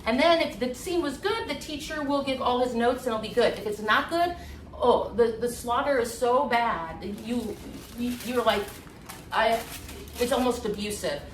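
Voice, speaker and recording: A woman guest telling her story in a candid, animated way, acting out voices with many fillers. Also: a little high, normal speed, slight background noise. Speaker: interview guest, former acting student. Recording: echoey room, voice from a distance.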